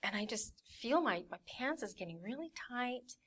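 A woman's voice: on the high side, expressive, normal speed, a bit bright, slightly rough. A young woman giving a personal testimony in a candid way, acting out her family's voices as she tells it. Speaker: church member giving a testimony.

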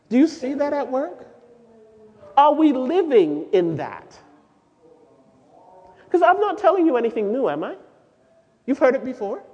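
A woman giving a sermon-style teaching to a group of women, lively and asking the audience questions. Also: sits high. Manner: animated, asks the audience questions, sings out quoted lines. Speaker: speaker at a women's gathering. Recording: dull lo-fi recording with long hall reverb.

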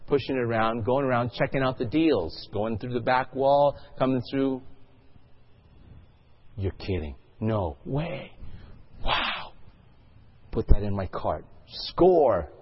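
Animated, husky-voiced male pastor preaching. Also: mid-range voice, unhurried, highs cut off. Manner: storytelling, engaging the congregation with questions. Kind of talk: sermon.

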